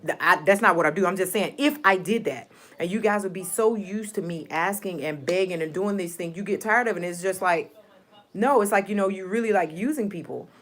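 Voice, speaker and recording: Lady talking to her viewers, heartfelt, rambles and repeats herself, lowish voice. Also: fairly quick, a bit bright. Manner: heartfelt, rambling, emphatic repetition. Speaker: vlogger. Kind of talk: casual personal vlog.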